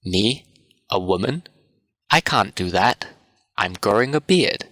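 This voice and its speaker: A man's voice: lowish voice, lively intonation, slow pace, a bit bright, no room sound, full character voice. A man reading the part of a reluctant young shoe mender who does not want to play a woman, in a protesting manner, in a storybook reading.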